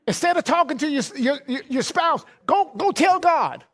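A man's voice: extremely high pitch, lively intonation, measured pace, long pauses, a bit bright. A middle-aged man preaching a sermon in a folksy way, laughing often and repeating words as he goes.

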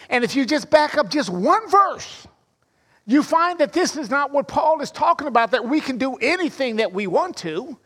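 Male pastor, very high voice, earnest sermon delivery with emphatic quotes. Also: fairly bright tone. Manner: prays and preaches, stresses quoted phrases.

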